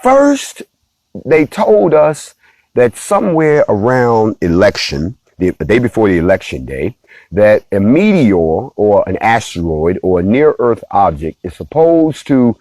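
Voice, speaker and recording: A man's voice: lowish voice, big pitch swings, unhurried, darkish tone, no echo. A man, hosting a casual morning talk and speaking straight to his viewers in a preachy, playful way. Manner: preachy, playful, addresses the audience directly. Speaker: host.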